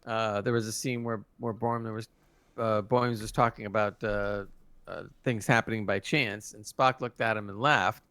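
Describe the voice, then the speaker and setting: A man's voice: fairly low pitch, moderate pace, clean tone, no echo. A man co-hosting a podcast, chatting casually about an episode and filling in backstory. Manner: relaxed, chatty, adds backstory. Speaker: podcast co-host. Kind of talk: casual episode review chat.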